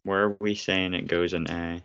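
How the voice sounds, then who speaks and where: Male podcast co-host, very low voice, blunt and teasing, slightly dull recording. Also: level tone, moderate pace, fairly bright tone, clean tone. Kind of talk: casual chat. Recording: slightly muffled podcast audio.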